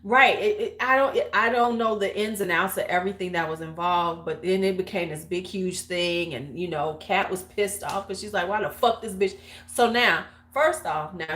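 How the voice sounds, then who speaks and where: A woman's voice: lowish voice, fairly bright tone. A woman in her forties hosting a beauty livestream, telling a long gossipy story in a loose, frank, salty way. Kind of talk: casual storytelling chat. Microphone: livestream webcam mic.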